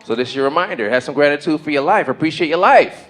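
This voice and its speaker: A man performing a stand-up comedy set on a comedy stage into a handheld mic, talking in loud, punchy bursts and swearing freely. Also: fairly high pitch, lively intonation, fast talker.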